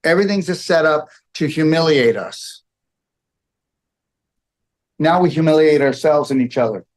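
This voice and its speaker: Speaking at a normal speed, a man with a rather high voice for a man lectures to a live audience in a room. His talk rambles and drives its points home forcefully, constantly punctuated by "okay" and "all right."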